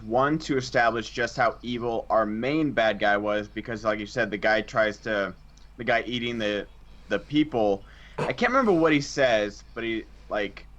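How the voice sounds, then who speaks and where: A man co-hosting a casual movie review chat, rambling and acting out characters' lines with big jumps in pitch. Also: a bit bright. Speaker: co-host. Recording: dull lo-fi mic.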